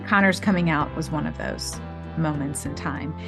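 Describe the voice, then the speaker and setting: Lower-voiced woman telling a story. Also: normal speed, music in the background. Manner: animated, acts out quoted dialogue. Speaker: podcast guest. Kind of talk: candid interview storytelling.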